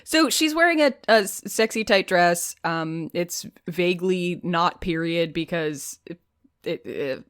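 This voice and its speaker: A woman's voice: fairly low pitch, animated, a little slow. A woman co-hosting a casual movie podcast, talking in an amused, playful way. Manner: amused, playful, laughs often. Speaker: podcast co-host.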